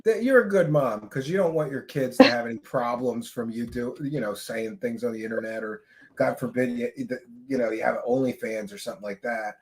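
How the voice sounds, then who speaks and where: A man hosting a podcast in casual chat, animated, often jumping into loud quoted voices. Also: medium pitch, brisk. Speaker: podcast host.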